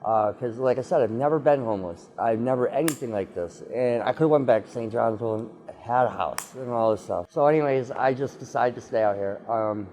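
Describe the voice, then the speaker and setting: Man, mid-pitched, rambling, lots of fillers, documentary interview. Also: a little mellow. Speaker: interviewee living on the street.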